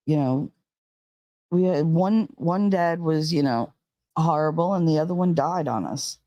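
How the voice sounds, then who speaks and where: Woman vlogger, unhurried, rambling and candid, lots of "like", dry close sound. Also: low-pitched, mellow, no room sound, lo-fi sound. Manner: rambling and candid, heavy on "like" fillers, swears. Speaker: channel host. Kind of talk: casual monologue retelling a dream.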